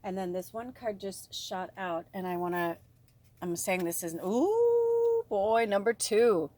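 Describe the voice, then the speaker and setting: A woman's voice: mid-range voice, sing-song, a little slow, mellow. A woman giving an emotional spiritual card reading, speaking straight to her viewers with a gushing manner. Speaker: tarot reader.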